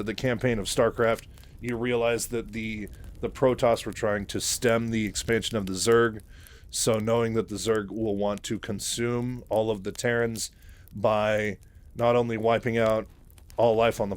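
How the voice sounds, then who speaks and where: Casual man rambling through a story recap. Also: fairly low pitch. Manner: rambling, filler-heavy, chuckles at his own asides.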